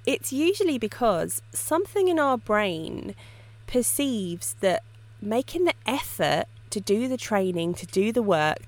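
A woman hosting a casual solo podcast on dog training, telling stories in a lively way and often laughing. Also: medium pitch, no room sound. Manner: lively storytelling with frequent laughs.

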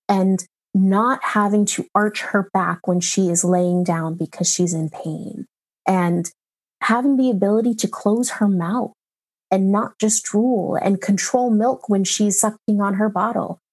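A woman in her thirties, a mother recounting a hard experience in an interview, emotional and halting with many pauses and fillers. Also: mid-range voice, fairly even intonation, a little mellow. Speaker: mother telling her story. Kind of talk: personal account in an interview.

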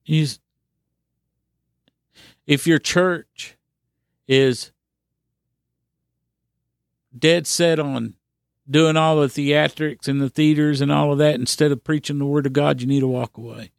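Male podcast preacher, gravelly and slightly high, earnest and insistent, dry close mic. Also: fairly even intonation, slow, pauses often, no echo. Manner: earnest, repetitive exhortation with restarts. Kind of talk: sermon.

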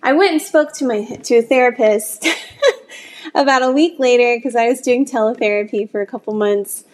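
A woman who owns a small salon tells a personal story in a candid, conversational way with halting restarts. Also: on the high side, darkish tone. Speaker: small business owner, salon owner. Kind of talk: storytelling talk.

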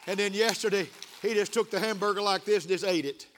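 Older preacher guy, high voice, gets emotional and loud in his sermon. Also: fast, a little hiss or hum. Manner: emotional, building to excited shouts. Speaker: pastor.

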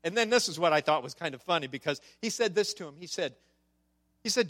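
Guy with a high bright voice telling a church story, keeps asking okay?. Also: brisk. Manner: animated, with frequent "okay?" asides to the audience. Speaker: speaker on church outreach. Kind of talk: storytelling sermon. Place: church service before a congregation.

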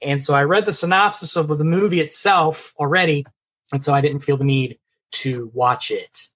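Guy hosting a movie chat show, kinda high voice, upbeat and chatty. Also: moderate pace, fairly bright tone, breathy edge. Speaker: podcast co-host. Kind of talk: casual chat.

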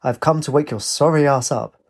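A spirited young woman with a teasing edge and a resolute streak, as a male storyteller puts her on. The voice is husky and slightly breathy, read in a plain storybook manner. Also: a little high, fairly quick, pitched above the performer's own voice.

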